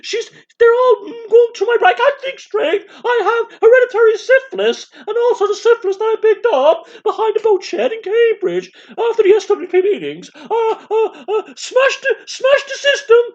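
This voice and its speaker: A man voicing a feverish, unhinged posh aristocratic lady in a wailing falsetto with a put-on upper-class English accent. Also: expressive, moderate pace, hardly any pauses. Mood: hysterical. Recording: dull lo-fi sound.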